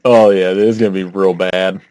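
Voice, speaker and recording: A young man co-hosts a podcast, his voice sitting a bit low. He chats casually and rambles through fillers, laughing often as he goes. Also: steady tone, brisk, a little mellow. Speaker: podcast co-host. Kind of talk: casual chat.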